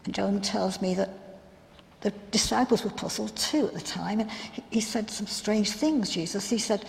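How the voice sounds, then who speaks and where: A woman playing a grieving biblical sister in a first-person dramatic monologue, telling her story in an earnest, reflective, halting way. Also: mid-range voice, gravelly, a little hiss or hum, close to an everyday voice. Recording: long hall reverb.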